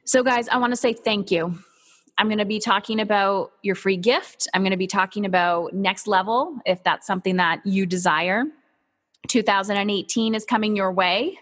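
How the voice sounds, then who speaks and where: A woman's voice: mid-range voice, normal speed, fairly bright tone. Woman, motivational speaker, emphatic and punchy, casual swearing, reverberant hall sound. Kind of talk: motivational talk.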